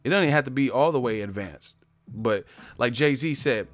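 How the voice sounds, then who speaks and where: A man's voice: mid-range voice, lively intonation, normal speed, no room sound. A male live-stream host rants with biting sarcasm in a mid-range voice. Faint music runs underneath his talk. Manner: sarcastic, ranting.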